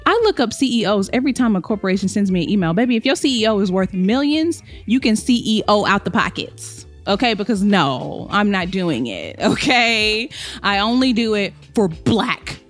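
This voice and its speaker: A woman's voice: medium pitch, big pitch swings, normal speed, faint music behind. A young woman hosting her own podcast in a sassy, emphatic monologue, calling listeners honey and babe. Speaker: podcast host. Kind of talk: casual solo podcast monologue.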